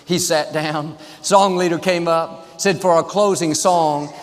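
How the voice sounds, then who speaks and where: A man, a pastor opening his sermon with lighthearted jokes, told with upbeat timing and pauses. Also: a little high, steady tone. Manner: upbeat joke-telling with pauses. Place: large church auditorium. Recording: live hall with long reverb.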